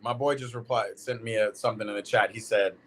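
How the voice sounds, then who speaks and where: A man's voice: lowish voice, fairly even intonation, fast talker, a little hiss or hum. A man hosting a live football watch party, chatting casually in slang and reading out comments from chat.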